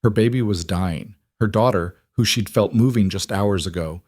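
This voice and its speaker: Male narrator, low and dry, measured emotive storytelling. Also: a little mellow, no room sound. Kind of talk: scripted dramatic narration.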